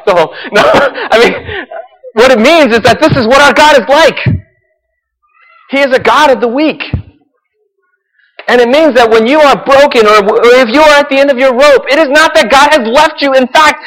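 A male pastor with a high voice preaches in a sermon, moving between loud, intense stretches and quiet, hushed ones. His words ring out with a long reverb, like a large church hall. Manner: swings from loud and intense to hushed and soft, with laughs.

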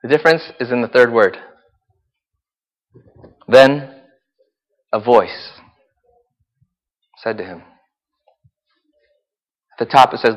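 A man preaching a sermon to a live congregation, telling the story with animated energy that swings from loud excitement to hushed softness. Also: medium pitch, slow, pauses often, dull audio. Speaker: pastor. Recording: long hall reverb.

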